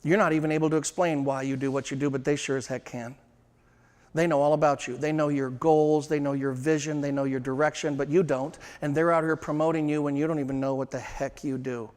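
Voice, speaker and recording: Male sales coach, seminar delivery, emphatic with deliberate slowdowns; fairly high voice, long hall reverb. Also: fairly even intonation, a little mellow. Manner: emphatic, slows down to stress points. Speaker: sales trainer. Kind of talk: seminar talk to a live room.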